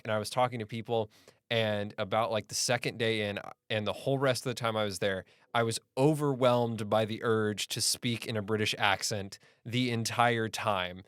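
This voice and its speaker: A man's voice: lowish voice, clean tone, dry recording. Host: young American man, easygoing interviewer, dry close mic. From United States. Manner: relaxed, rambling questions. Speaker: podcast host. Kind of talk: casual interview chat.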